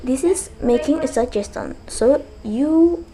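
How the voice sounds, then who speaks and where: A young woman from Indonesia with an Indonesian accent gives a halting class presentation, reading example sentences aloud. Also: high voice, lively intonation, crowd noise, rough recording. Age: young adult. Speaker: student presenter.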